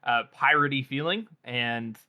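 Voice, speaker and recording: A man's voice: medium pitch, measured pace, pushed and bright. A man co-hosting a book podcast, talking in a rambling, hesitant way with lots of fillers. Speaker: podcast co-host. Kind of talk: casual book discussion.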